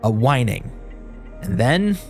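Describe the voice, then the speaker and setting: A streamer reads a narrative game aloud in an even, mid-pitched man's voice. He narrates with expression and drops into playful asides between passages. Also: slow, faint music behind.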